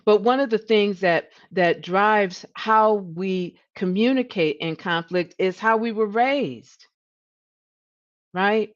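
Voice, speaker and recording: A woman hosting a coaching livestream. She talks in an animated way, often restarts and repeats words, and her voice rises when she gets passionate. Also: medium pitch, takes it slowly, highs cut off. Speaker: leadership coach and livestream host. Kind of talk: coaching talk.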